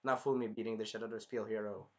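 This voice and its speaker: A young man reviewing an anime episode in casual, animated chat, swearing freely as he talks. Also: lowish voice, very fast. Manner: animated, swears, acts out scenes in funny voices.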